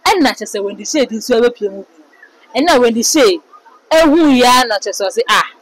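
A woman with a Ghanaian accent runs through celebrity gossip in a casual, animated way. Her voice sits a little high. She throws herself into the quotes and comments she reads out. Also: brisk, rough recording. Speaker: entertainment commentator.

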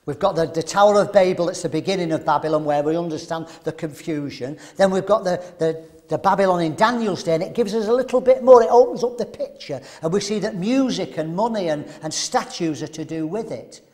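A man preaching at a men's seminar, animated and throwing rhetorical questions to the audience. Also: high voice, fairly quick, few pauses.

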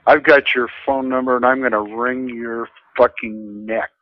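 A man with a gruff, crude way of talking, calling out on a phone line. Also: medium pitch, level tone, measured pace, no room sound. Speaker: prank call soundboard voice. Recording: dull lo-fi recording.

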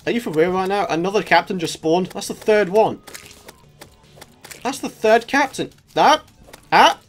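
A young man commentating his own gameplay, excitable and shouting at enemies as he fights. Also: high-pitched, moderate pace, faint music behind. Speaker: gaming YouTuber. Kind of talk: let's play commentary.

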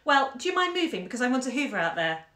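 A woman's voice: high-pitched, very animated, fast, pushed and bright, reverberant, pitched above the performer's own voice, full character voice. A woman doing a bossy, wailing twelve-year-old girl.

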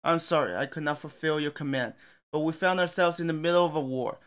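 A man's voice: on the high side, a little fast, fairly bright tone, clean tone, lightly acted. A man voicing an earnest, polite young male elf leader. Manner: earnest, apologetic.

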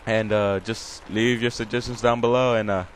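A man giving excitable, jokey let's play commentary over a game, with loud outbursts. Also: fairly low pitch, moderate pace. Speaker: gameplay commentator. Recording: loud game noise behind.

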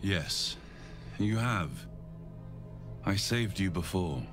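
A man's voice: low-pitched, extremely slow. An actor voicing a mysterious, protective young male guardian who speaks earnestly and reassuringly in video game dialogue. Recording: game music behind the voice.

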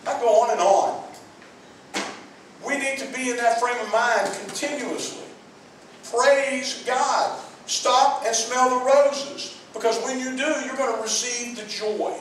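A man's voice: very high voice, measured pace, fairly bright tone. A man preaching a sermon to his congregation, earnest and repetitive, speaking straight to the people in the pews. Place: church sanctuary. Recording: very echoey church hall, mic far off, faint noise.

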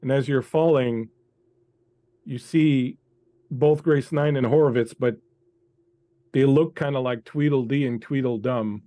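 Over an online call, a male game master narrates tabletop scenes to a player in an unhurried second-person style. His medium-pitched voice is warm and steady, and the recording is dry.

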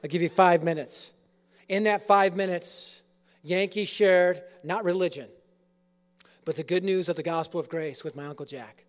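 A man's voice: high-pitched, fairly even intonation, moderate pace. A man preaching a sermon in an auditorium, telling a story with humor. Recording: echoey auditorium.

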